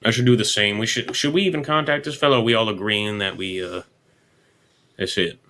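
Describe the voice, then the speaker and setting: Western roleplayer, man, bright forceful voice, folksy and pushy. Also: lowish voice, brisk. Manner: folksy, profane, persuasive. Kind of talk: in-character roleplay chat.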